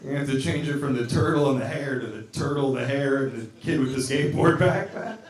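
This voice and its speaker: Loose, teasing stand-up comedian, live room. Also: male voice, mid-range voice, a little fast. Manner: loose, teasing crowd work with frequent laughing asides. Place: live music venue with a band on stage. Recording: roomy live venue from a distance. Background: crowd laughter.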